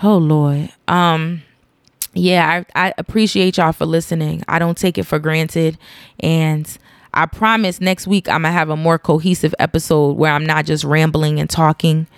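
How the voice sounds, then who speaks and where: A woman's voice: low voice, fairly even intonation, moderate pace, no echo, studio quality. Tearful, rambling woman podcast host. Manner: rambling, emotional and earnest. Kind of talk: casual solo podcast monologue. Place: home.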